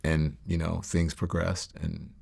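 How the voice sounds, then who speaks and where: Middle-aged guy, low gravelly voice, talking slow and halting, lots of um and you know. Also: level tone, darkish tone. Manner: reflective, halting, many fillers and restarts. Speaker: interview guest. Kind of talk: candid sit-down interview.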